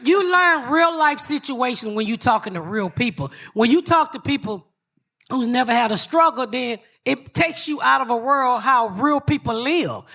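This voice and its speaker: A woman's voice: sits high, lively intonation, moderate pace, creaky. A middle-aged woman comedian, hosting a live podcast and telling brash, profane stories. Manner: brash, profane, loud storytelling. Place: live show before an audience.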